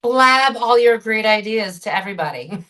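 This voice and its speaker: A woman being interviewed on a podcast, telling stories in an animated, expressive way. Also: on the high side, normal speed. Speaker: podcast guest. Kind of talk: conversational interview.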